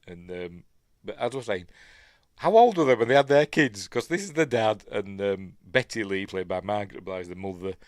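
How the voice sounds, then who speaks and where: A man's voice: lowish voice, expressive, moderate pace, no room sound, studio quality. A man with a Yorkshire accent giving a casual film review, rambling and muttering asides to himself. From Yorkshire, England.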